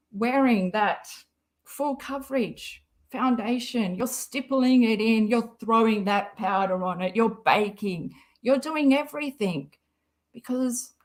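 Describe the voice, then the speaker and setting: A woman talks at an unhurried, drawn-out pace in a fairly high voice. She hosts a casual live stream, rambling and mocking with a sarcastic edge. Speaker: live-stream commentary host.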